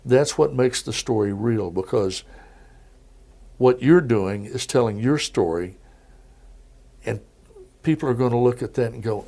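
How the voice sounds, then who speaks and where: A middle-aged man, a TV news anchor, telling anecdotes in a relaxed podcast interview. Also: on the low side, normal speed. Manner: easygoing anecdotal storyteller. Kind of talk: casual interview storytelling.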